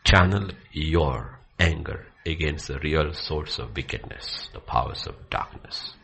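A man teaching from the Bible with passion, dropping to hushed near-whispers and then rising to loud, excited bursts. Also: a bass voice, measured pace, gravelly, husky. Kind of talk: impassioned preaching in conversation.

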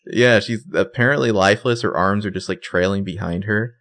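Deep, gravelly man recapping a show. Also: fairly quick. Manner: animated retelling, acts out quotes. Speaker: podcast co-host. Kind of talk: casual recap chat.

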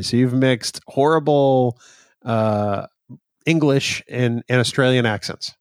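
A man co-hosts a podcast in casual chat, teasing his partner and laughing often. His medium-pitched voice is slow, clear, and resonant, recorded with clean studio sound and no room ambience.

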